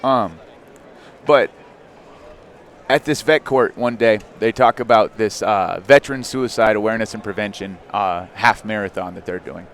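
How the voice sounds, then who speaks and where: A man in his thirties, a podcast guest, telling a personal story in a candid, animated way with frequent fillers. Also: on the low side, moderate pace, slight background noise. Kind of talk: casual storytelling.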